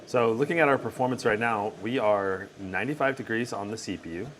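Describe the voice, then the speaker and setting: A man hosting a live tech stream comments casually on gameplay while answering questions from chat, thinking aloud with fillers. His lowish voice is brisk with a fairly bright tone. There's slight background noise.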